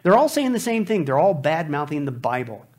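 Animated, high-voiced male Bible teacher. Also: a little fast. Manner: animated, sarcastic, jokey, emphatic. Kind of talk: preaching commentary.

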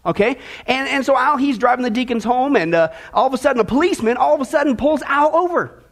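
A man preaching a sermon to his congregation, energetic and folksy, with joking asides and a lot of back-and-forth with the crowd. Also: extremely high pitch, fast. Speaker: pastor. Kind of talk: sermon with a joke opener.

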